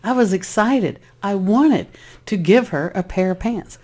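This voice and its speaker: A spiritual speaker tells a personal story casually, rambling, restarting, and acting out the voices of people in it. The delivery is animated, in a mid-range voice at a slightly slow pace.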